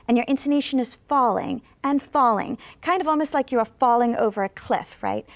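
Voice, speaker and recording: Woman ESL professor, slightly high and gravelly, patient classroom delivery. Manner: slow, exaggerated model sentences for students to repeat; patient, instructive. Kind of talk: classroom video lesson. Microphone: studio microphone.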